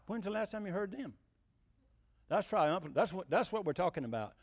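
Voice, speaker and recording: A man's voice: high voice, expressive, a little fast, breathy edge, long reverb tail. A man preaching a sermon in a folksy, emphatic way, full of rhetorical questions.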